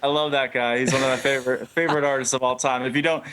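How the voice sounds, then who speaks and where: A man of middle pitch tells a story over a video call in a loose, rambling way. He trails into fillers and chuckles mid-sentence as a relaxed interview guest. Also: fast talker, smooth. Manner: laid-back, rambling, laughs mid-story. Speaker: band member guest.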